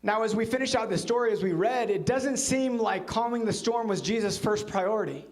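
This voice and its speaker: The pastor, talking a little fast, weaves a story into his church sermon. Now and then his voice falls to a low hush when he quotes someone.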